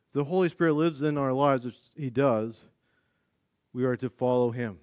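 A male pastor preaching a sermon, moving from calm teaching into animated, demonstrative storytelling. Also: medium pitch, moderate pace, smooth, dry recording, studio quality.

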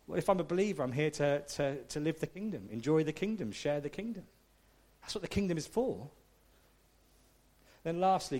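A man preaching a conversational, self-deprecating sermon, often checking in with the congregation. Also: high voice. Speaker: pastor.

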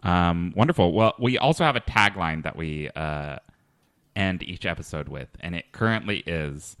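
A man hosting a comedy podcast, talking hesitantly with many fillers and a deadpan manner. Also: sits low, moderate pace, clear, resonant tone, dry recording, clean studio sound. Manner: hesitant, lots of ums and restarts, deadpan. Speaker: podcast host. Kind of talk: casual comedy podcast chat.

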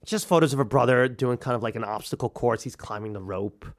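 A man's voice: mid-range voice, fast. A man telling a personal story in a conversational way, slipping into other people's voices as he recounts what they said. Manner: conversational, acts out dialogue.

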